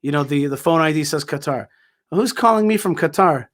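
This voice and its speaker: A man's voice: a little high, lively intonation, a little fast, fairly bright tone. A man speaking as a guest in conversational storytelling, emphatic and full of restarts and repeated words. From Israel.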